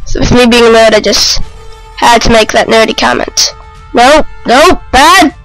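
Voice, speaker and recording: A man giving casual, excitable, self-mocking commentary while playing a video game. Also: very high voice, normal speed, clear, resonant tone, faint music behind, rough recording. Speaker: let's play gamer.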